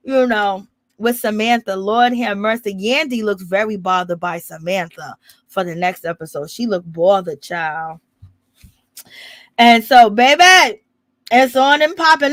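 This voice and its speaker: A woman's voice: a little high, dry recording. Sassy gossiping woman, dry close mic. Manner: animated, laughing, sassy slang. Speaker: reality TV recap commentator. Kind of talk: casual gossip recap.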